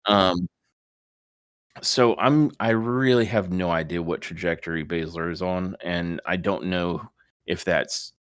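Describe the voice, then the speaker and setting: A man's voice: low voice, measured pace, clear, resonant tone, no echo, clean studio sound. A man co-hosting a podcast, chatting casually and sarcastically about wrestling. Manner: sarcastic, animated when joking. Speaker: podcast co-host.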